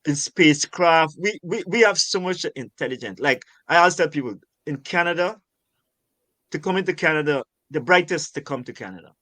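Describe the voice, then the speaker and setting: The older Guyanese man, interviewed as an urban farmer, has a fairly high, sharp-toned voice with lively intonation and a brisk pace, recorded without echo. He's passionate and emphatic in conversation, repeating words often to hammer home his points.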